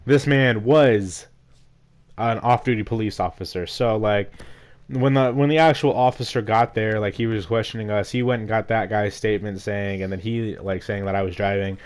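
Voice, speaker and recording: A young man telling a frustrating story in a rambling, casual way, his voice rough from being sick. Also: on the low side, steady tone, a little fast. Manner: rambling, heavy use of "like", frustrated. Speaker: gaming vlogger. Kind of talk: casual storytime rant over gameplay.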